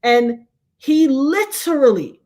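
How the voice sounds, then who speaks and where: A middle-aged woman hosts a livestream chat. She tells stories with animation and slips into the voices of the people she quotes. Her voice sits a little high. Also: very animated, slow, dark tone. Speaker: show host.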